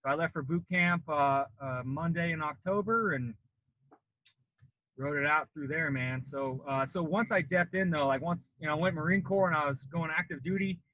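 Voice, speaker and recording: A man's voice: fairly high pitch, moderate pace, no echo, dull audio. A man in his late thirties from Colorado, a former Marine, casually telling a long story on a podcast and acting out the voices of the people in it. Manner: animated, acts out quoted voices.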